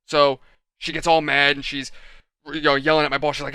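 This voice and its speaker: Bright, crisp-voiced man rambling casually. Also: on the high side, brisk, no echo. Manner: chatty, animated, acts out quoted people. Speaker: model kit building vlogger. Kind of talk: casual rambling storytelling while building.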